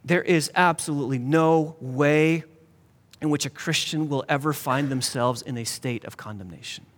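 Emphatic preacher in a reverberant hall. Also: male voice, on the high side, normal speed. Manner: emphatic, with dramatic drops to a hush. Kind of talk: sermon.

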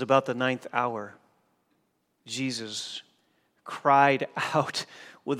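A male pastor preaching a sermon, dropping to a hush and then rising to loud, forceful emphasis. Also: medium pitch, steady tone, drawn-out words, long pauses. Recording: long hall reverb.

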